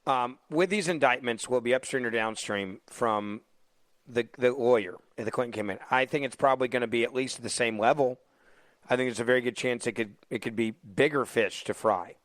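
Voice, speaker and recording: A man hosting a talk radio show as fill-in, mocking and animated, taking callers. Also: mid-range voice, a little fast, dry recording. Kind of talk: opinionated talk radio monologue. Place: radio studio. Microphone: studio microphone.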